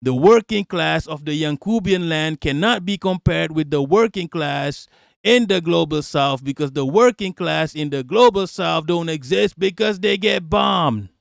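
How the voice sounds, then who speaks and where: Male streamer, loud mocking profane rant, fairly high voice, dead dry sound. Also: animated, measured pace, vocal fry, no room sound.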